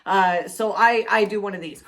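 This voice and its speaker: A middle-aged woman co-hosting a podcast, telling a story in casual chat, swearing freely and loudly acting out what was said. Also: medium pitch, normal speed. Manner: animated, profane, acts out quotes loudly. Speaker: podcast co-host.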